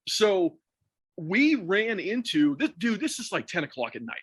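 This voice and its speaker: A man with a voice on the higher side tells a story in loose, swearing podcast chat. He keeps cracking himself up between sentences. The sound is dry and close, with no room in it. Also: measured pace, slightly rough, dry recording. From Texas. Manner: animated, profane, laughs through his own story. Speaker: podcast co-host or guest.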